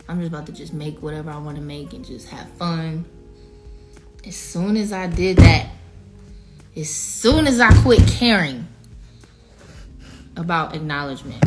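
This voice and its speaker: A woman in her thirties chatting loosely on a livestream, her voice sitting a little low. She is teary and choked up, holding back tears while reading out viewers' names. Faint music plays behind her. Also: a little slow, pauses often. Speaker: singer addressing livestream viewers. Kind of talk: emotional livestream chat.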